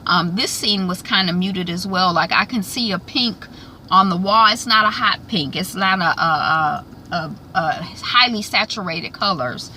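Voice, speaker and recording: A woman host chatting casually in a vlog recap, rambling with many fillers and restarts, now and then bursting with excitement. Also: lowish voice, measured pace, slight background noise.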